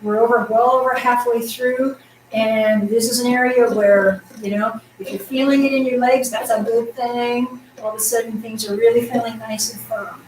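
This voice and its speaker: A woman's voice: a little high, fairly even intonation, moderate pace, a little hiss or hum. Upbeat woman leading tai chi, echoey. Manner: upbeat, encouraging, counts out moves; projecting her voice loudly. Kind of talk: guiding an exercise class. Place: exercise room indoors. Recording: echoey room, voice from a distance.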